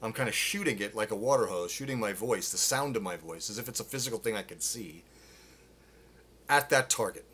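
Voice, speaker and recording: A man teaching singing live, explaining technique with restarts and breaking into loud sung demonstrations. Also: lowish voice, animated, a little fast, slight background noise. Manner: demonstrates with loud sung grunts and vocal exercises. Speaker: vocal coach. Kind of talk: live-streamed singing lesson. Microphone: phone.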